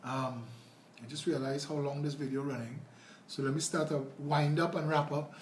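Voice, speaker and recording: A man's voice: on the high side, fairly even intonation, normal speed. Earnest Trinidadian man in a roomy space. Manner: earnest, rambling, conversational. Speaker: political candidate. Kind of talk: casual livestream talk, answering viewer comments. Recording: roomy with faint noise.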